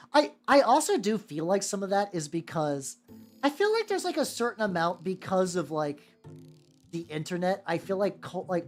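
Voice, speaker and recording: A woman's voice: deep voice, darkish tone. A young woman from the United States chatting casually on a livestream while painting miniatures, rambling with many restarts, fillers and casual swearing. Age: young adult. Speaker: VTuber streamer painting miniatures. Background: faint background music.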